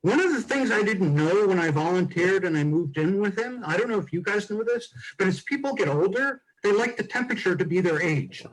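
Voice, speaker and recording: A man's voice: sits high, lively intonation, fairly quick, hardly any pauses, rough recording. A man doing a chatty, self-deprecating stand-up set over a video call. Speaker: stand-up comic. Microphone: video call mic. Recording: video call with loud laughter behind.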